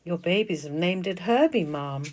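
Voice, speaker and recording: A woman doing meek, low-voiced bee attendants. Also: animated, normal speed, a little mellow. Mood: deferential. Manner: deferential, subdued.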